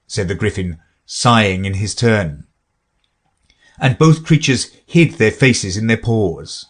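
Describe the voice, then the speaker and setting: A man narrating a classic children's story as an audiobook reader, with a slow, lively reading manner. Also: on the low side.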